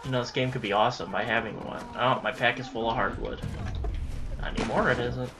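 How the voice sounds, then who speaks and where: A young man giving casual let's-play commentary, chatty and easily frustrated, breaking into excited yelling during chases. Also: medium pitch, quick pace, noisy background. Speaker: gameplay commentator.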